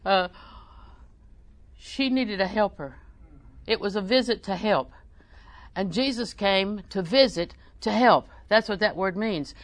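A woman's voice: medium pitch, unhurried, pauses often. A woman preaching a sermon, reading scripture aloud and telling folksy family stories.

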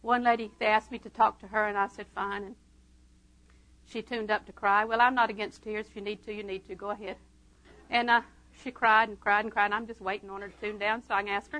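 A woman preaching a sermon, telling stories with humor and swinging between quiet asides and loud proclamation. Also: medium pitch, brisk, poor audio. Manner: humorous, conversational.

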